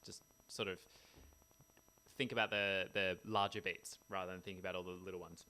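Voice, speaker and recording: A man with a low voice and a gravelly edge explains music theory in a relaxed, chatty way. He sounds tired after a bad night's sleep and scats rhythms now and then. A musical instrument plays faintly behind him. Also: normal speed, background noise. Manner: chatty, sings rhythms with scat syllables. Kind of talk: casual music lesson.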